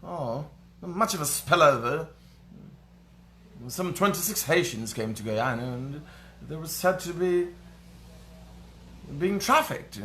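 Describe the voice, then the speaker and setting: A man voicing a prim, proper-spoken English news critic with careful, formal enunciation and a measured, pompous newsreader delivery. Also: on the high side, animated, sharp tone, slight background noise, exaggerated voice.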